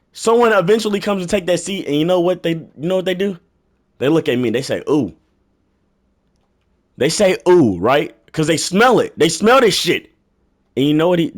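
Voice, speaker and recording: A young man telling a comedic rant story, profane and exasperated, sometimes bursting into yelling. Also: fairly high pitch.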